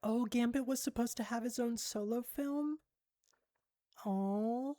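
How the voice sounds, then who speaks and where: A woman's voice: a little high, normal speed, warm tone, no room sound, studio quality. A woman chatting on a livestream and reading out chat, rambling with many fillers and giggles. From United States.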